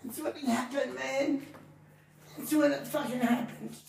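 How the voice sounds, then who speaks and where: A woman's voice: high-pitched, steady tone, a little slow, gravelly, crowd noise. A woman chatting casually, blunt and sweary. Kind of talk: casual chat.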